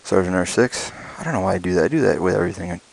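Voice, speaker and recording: A man unboxing motorcycle gear at home late at night, talking quietly and slipping into excited whispers so as not to wake a sleeping child. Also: low-pitched, racing, vocal fry, soft background music, poor audio. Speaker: motorcycle vlogger. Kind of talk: casual unboxing vlog.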